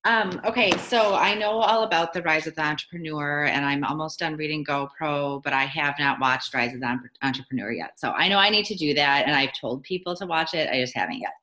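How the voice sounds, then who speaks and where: A woman's voice: low-pitched, fairly quick, hardly any pauses, sharp tone, poor audio. A woman on a team call asking a long, rambling question, hesitant with many fillers. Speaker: team member.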